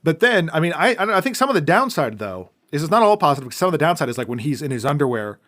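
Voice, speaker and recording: A man's voice: a little high, sing-song, very fast. Rambling male podcast co-host. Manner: rambling, trails off into quiet asides. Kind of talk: casual film discussion.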